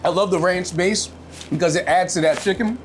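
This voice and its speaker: A young man hosting a food show, tasting dishes with excitable, hyped reactions and casual banter. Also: high-pitched, brisk, soft background music.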